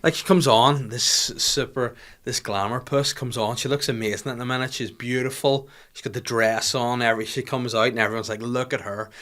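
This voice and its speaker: A man hosts a podcast from a small studio, talking in a casual, comedic way. He rants and jokes with lots of swearing. His delivery is animated and sits at a middle pitch for a man. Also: fairly quick, few pauses. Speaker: podcast host.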